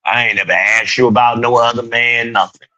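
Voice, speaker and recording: A man's voice: mid-range voice, steady tone, fairly quick, sharp tone, lo-fi sound. A man hosting a podcast, talking loosely with swearing and frequent laughs. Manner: loose, profane, laughs often. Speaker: podcast host. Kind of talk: casual chat.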